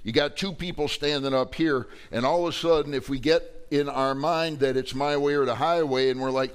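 A man's voice: mid-range voice, steady tone, normal speed, hardly any pauses, clear, resonant tone. A man preaching a sermon to his congregation, conversational and joking, acting out arguing voices with big swings in emphasis. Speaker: pastor.

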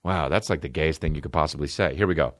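A man's voice: very deep voice, fast talker, dry recording, studio quality. A young man co-hosting a casual comedy podcast, reading personal ads aloud and mocking them in a crude, incredulous way. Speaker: podcast co-host.

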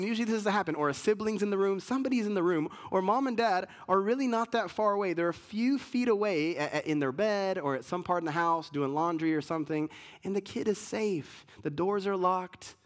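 A male pastor delivering a sermon to his church, his voice sitting a little higher than most men's. He tells stories in an animated way and often stumbles and restarts his sentences. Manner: animated storytelling with many restarts and fillers. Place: church sanctuary with congregation.

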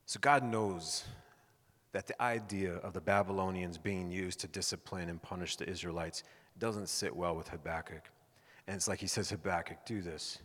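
A man in his thirties preaching a sermon, telling a personal story with lively acted-out quotes. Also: low voice, normal speed, big-room sound. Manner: animated storyteller, acting out quoted voices. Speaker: pastor.

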